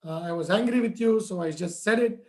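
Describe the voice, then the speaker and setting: A man's voice: high-pitched, brisk, a little mellow. A man doing an impatient, irritated father. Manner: dismissive, impatient. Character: irritated, quick-tempered father performing a ritual.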